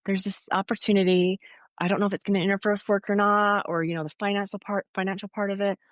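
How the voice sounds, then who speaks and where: A middle-aged woman, a guest on an interview show, telling her story in a casual, animated way and acting out the quotes. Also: mid-range voice, fast, no echo. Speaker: guest, foot zoner.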